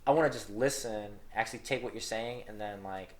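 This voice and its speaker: A man's voice: on the low side, a little fast. A young man co-hosting a podcast in casual chat, rambling with lots of fillers and restarts, laughing easily. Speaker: podcast co-host.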